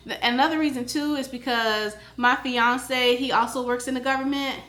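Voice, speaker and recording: A woman teaching stock trading in a casual vlog, her voice high and bright with a forceful edge. She leans on her points and repeats them for emphasis. The sound bounces around an echoey room. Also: steady tone, normal speed. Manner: emphatic, repeats key phrases, talks straight to viewers. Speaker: stock trading educator and vlogger. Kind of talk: casual direct-to-camera talk.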